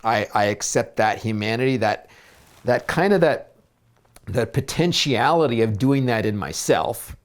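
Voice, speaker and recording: In a reflective video blog, a man speaks as a therapist and spiritual coach, gentle and searching, with many fillers and restarts. His mid-range voice is animated, and he takes his time.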